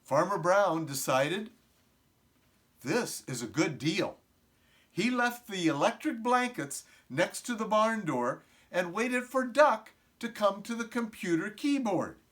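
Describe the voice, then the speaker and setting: A middle-aged man reading a picture book aloud to preschool children, often stopping to ask them questions. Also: high voice. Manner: slow, animated, asks the children questions. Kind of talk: storybook read-aloud to young children.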